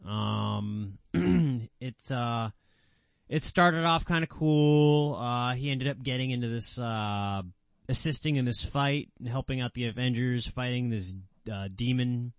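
A man's voice: medium pitch, slow pace, clear, resonant tone, no echo. A man co-hosting a podcast as the comics expert, recapping story arcs in long run-on sentences. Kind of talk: casual fan chat.

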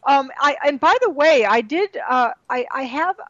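Co-host, woman, high voice, animated interjections, dry close mic. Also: moderate pace, dry recording. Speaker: podcast co-host. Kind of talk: casual political chat. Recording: slightly dull sound.

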